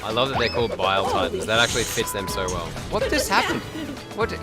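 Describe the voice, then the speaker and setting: A man's voice: lowish voice, a little fast, loud music behind the voice. A man streaming live, reacting to clips with frequent swearing and laughter, tired and yawning. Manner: excitable, swears, laughs often. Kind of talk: casual live-stream chat.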